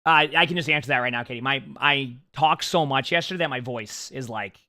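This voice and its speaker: Bright-voiced upbeat male game streamer. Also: medium pitch, brisk. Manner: chatty, upbeat, talks to chat between games. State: losing his voice, short on sleep. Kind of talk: casual live-stream chat.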